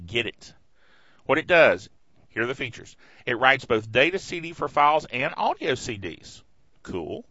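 A man's voice: on the low side, expressive, moderate pace, sharp tone, no echo. A middle-aged man hosting a casual tech show, enthusiastic and jokey, with playful asides. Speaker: tech podcast host. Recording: slightly dull, dry lo-fi recording.

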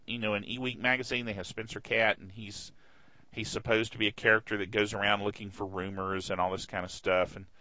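A middle-aged man hosts a casual tech show with a bright, clear voice, enthusiastic and full of jokey asides. The recording is dry and slightly dull, like a lo-fi home setup. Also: lowish voice, no room sound. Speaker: tech podcast host.

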